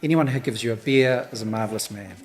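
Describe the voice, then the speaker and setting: At a gallery opening, an exhibiting artist gives a thank-you speech. Nervous and halting, he restarts often and laughs softly, his medium-pitched voice slightly hoarse and thick with emotion.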